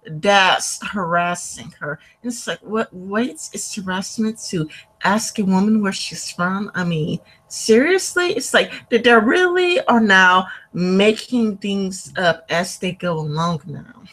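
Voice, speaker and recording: A woman's voice: mid-range voice, animated, slow pace, fairly bright tone, low-quality recording. Chatty woman on a video call. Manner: rambling, filler-heavy with frequent likes. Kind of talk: casual online chat.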